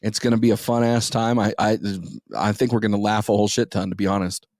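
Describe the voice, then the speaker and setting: A man's voice: on the low side, little pitch movement, fast talker, darkish tone, dry recording, clean studio sound. A young man hosting a podcast, telling a crude, rambling story in a casual, profane way. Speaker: podcast host.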